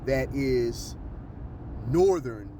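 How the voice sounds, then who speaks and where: A man's voice: mid-range voice, animated, very slow, background noise. Emphatic man. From Baltimore, Maryland. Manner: emphatic, keeps checking in with "okay?" and "all right?". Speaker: history educator. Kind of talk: casual explanatory monologue. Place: outdoors in the sun.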